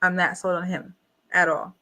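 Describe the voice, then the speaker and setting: A woman's voice: on the low side, flat delivery, moderate pace, very noisy. A woman hosting a live reality show review, talking bluntly and asking the same rhetorical questions again and again. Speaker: reaction host. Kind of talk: casual live review commentary.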